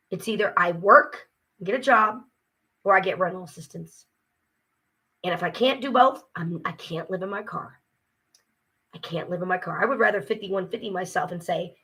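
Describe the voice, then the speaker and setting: A woman's voice: mid-range voice, bright, forceful tone, breathy edge. A tired woman ranting casually to camera, frustrated and swearing as she vents. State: exhausted. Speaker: vlogger. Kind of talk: casual vlog rant.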